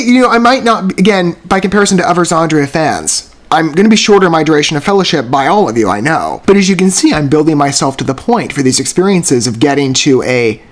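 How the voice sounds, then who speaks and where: A man hosting a music reaction channel, reviewing a song in an effusive, rambling way, often correcting himself mid-sentence. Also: on the high side. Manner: effusive, rambling, self-correcting, frequent gushing exclamations. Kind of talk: casual spoken music review.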